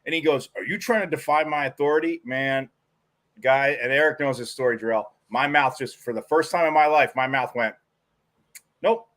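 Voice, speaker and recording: A man co-hosting a live sports talk show, telling stories in a rambling, animated way with many restarts. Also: mid-range voice, moderate pace. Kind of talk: casual sports talk commentary.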